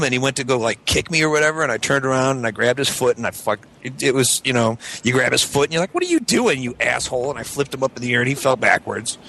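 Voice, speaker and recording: A man's voice: medium pitch, low-quality recording. A man telling a profane story in casual chat, acting out what others said in a raised voice. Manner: animated, profane, acts out quoted lines in a raised voice. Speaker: show regular telling a story.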